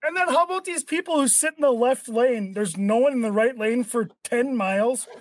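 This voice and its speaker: Young man, podcast host, high voice, dry close sound, profane casual rant. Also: moderate pace, dry recording. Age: young adult. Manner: profane, ranting. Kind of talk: casual chat.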